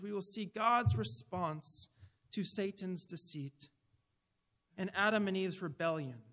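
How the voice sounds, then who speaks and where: A male preacher with a notably high voice delivers a sermon. He speaks earnestly and with emphasis, often turning to ask his listeners direct questions. His words carry a long, lingering reverb, as if spoken in a large hall. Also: fairly bright tone.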